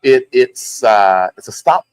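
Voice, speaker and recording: A man's voice: mid-range voice, animated, slow, darkish tone, smooth, no echo. A man hosting a live tasting in a liquor store, chatting easily with his guest and the audience. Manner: easygoing, chatty, with short backchannel replies. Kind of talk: casual live-stream hosting.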